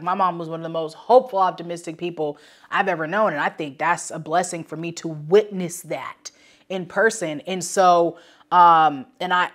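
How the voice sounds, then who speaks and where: A woman hosting a motivational podcast alone, speaking emphatically in casual slang and repeating key phrases for emphasis. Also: fairly low pitch. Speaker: podcast host. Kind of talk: motivational solo podcast talk.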